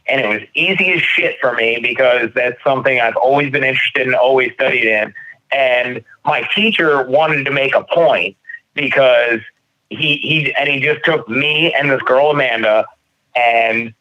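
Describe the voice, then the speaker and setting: A man in his thirties, a podcast co-host, telling stories in casual chat, animated and swearing freely. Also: medium pitch. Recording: dull lo-fi sound.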